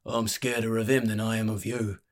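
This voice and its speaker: A man's voice: lowish voice, flat delivery, fairly quick, natural voice. A man voicing a weary, pot-bellied old barkeep who talks in a growling, slangy, wheedling way. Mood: gruff.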